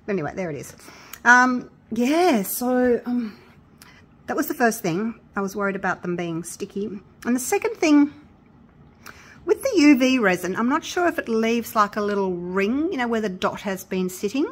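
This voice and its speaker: A woman chatting casually through a resin crafting tutorial, excitable and gushing with delight. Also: a little high, moderate pace. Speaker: craft vlogger.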